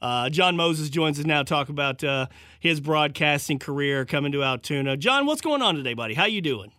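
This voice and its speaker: A man's voice: fairly high pitch, animated, fairly quick, sharp tone, no room sound, clean studio sound. A man hosting a casual radio sports talk show, chatty and self-deprecating, often restarting his sentences.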